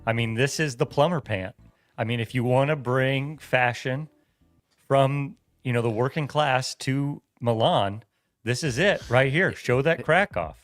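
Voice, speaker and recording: Dry-joking American radio co-host. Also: male voice, mid-range voice, unhurried, no echo. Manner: dry wisecracks. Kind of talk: casual sports radio chat.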